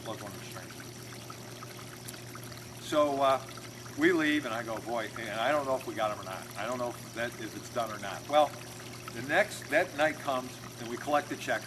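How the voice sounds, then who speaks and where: A man's voice: medium pitch, noisy background. A man working as an automotive recruiter and trainer, casually telling an anecdote and acting out the people in it. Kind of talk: storytelling talk to camera.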